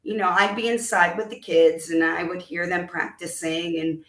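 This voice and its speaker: A woman's voice: lowish voice, moderate pace, roomy sound. A middle-aged woman, a band musician, telling a story in an interview and acting out the dialogue she recalls. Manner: animated storyteller who acts out quoted dialogue.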